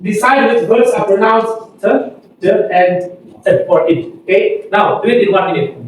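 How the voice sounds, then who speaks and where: A man with an Indonesian accent, teaching an English pronunciation lesson and repeating words slowly for students to copy. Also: high-pitched, a little hiss or hum. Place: classroom. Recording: echoey room, far from the mic.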